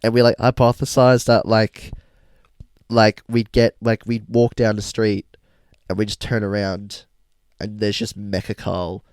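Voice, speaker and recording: A young man hosting a podcast, telling a story in a casual, animated, slangy way and laughing often. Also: lowish voice, unhurried, smooth, no room sound, clean studio sound. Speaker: podcast host.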